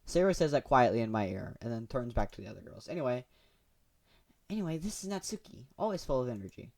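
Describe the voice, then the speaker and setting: A man's voice: medium pitch, sing-song, fast, gravelly, darkish tone. A young man hosting a gaming video, reading the story text aloud with goofy, chatty asides. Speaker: gaming channel host. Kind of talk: reading a visual novel aloud.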